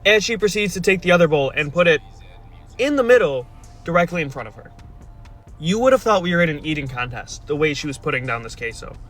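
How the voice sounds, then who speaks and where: A young man with a high, bright voice tells a casual storytime in a played video clip, speaking fast. He sounds wry and exasperated with a deadpan edge, and faint music plays underneath.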